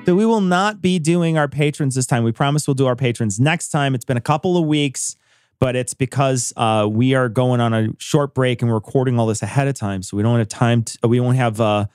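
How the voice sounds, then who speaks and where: A man hosting a podcast in casual chat, animated, swearing and laughing often. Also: medium pitch, fairly quick, clean tone, no room sound, clean studio sound, faint music behind. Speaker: podcast host.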